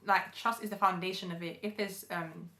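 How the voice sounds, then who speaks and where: Co-host chat: young woman, emphatic delivery with a bright, forceful voice, recorded in an echoey room. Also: on the low side, steady tone, moderate pace, slight background noise. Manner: emphatic, lots of "like" fillers. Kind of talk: casual chat.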